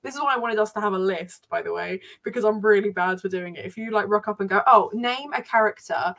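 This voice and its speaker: A woman co-hosting a casual online film chat, chatty and quick to laugh. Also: mid-range voice, gravelly, a bit bright. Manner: chatty, laughs often, acts out quotes. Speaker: co-host.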